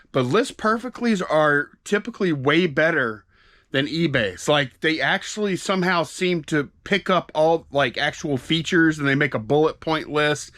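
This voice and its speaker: A man's voice: on the high side, fairly bright tone, no echo, studio quality. A man chatting casually and rambling while packing orders as co-host of a reselling channel. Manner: rambling, self-interrupting, folksy.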